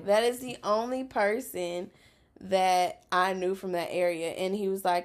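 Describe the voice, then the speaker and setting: A woman from South Louisiana hosting a podcast in casual chat, candid and quick to laugh, swearing freely. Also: mid-range voice, steady tone. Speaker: podcast host.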